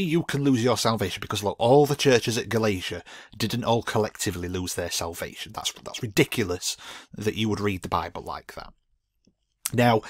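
A man's voice: lowish voice, fairly bright tone, dry recording, studio quality. A man giving a Christian video commentary, arguing emphatically against a preacher's teaching with frequent restarts and repeated words. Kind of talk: monologue rebutting a preacher with scripture.

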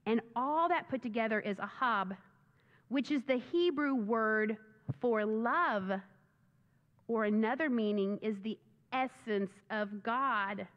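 Female pastor, animated sermon delivery, high and unhurried, heard in a reverberant sanctuary. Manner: animated, enthusiastic preaching with rising exclamations. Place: church sanctuary. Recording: dull sound with long reverb in a church.

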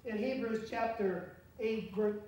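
In a church sanctuary, a pastor delivers a conversational sermon, putting questions to the congregation as he goes. His voice is medium-pitched, slow, and dark, captured from far off in a very echoey space with faint hiss.

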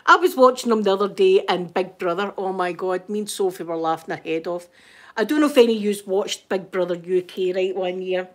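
A Scottish woman telling a story in casual chat, gossipy and animated, often checking in with her listener. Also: mid-range voice, brisk. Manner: laughs often while telling. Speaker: channel host.

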